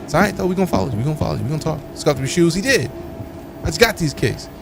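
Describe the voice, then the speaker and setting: Animated, playful man streaming a game. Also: a little high, racing, creaky, a little hiss or hum. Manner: playful mock-offended trash talk with slang. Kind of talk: casual live-stream chat.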